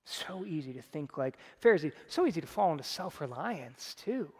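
A man's voice: on the high side, big pitch swings, moderate pace, a little mellow, husky, big-room sound. A man preaching a sermon conversationally, putting on voices when he quotes people. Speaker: pastor.

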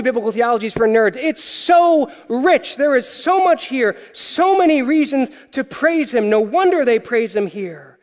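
A man preaching a sermon as pastor, animated and playful, swinging between loud declarations and hushed emphasis. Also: extremely high pitch. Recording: long reverb of a large hall.

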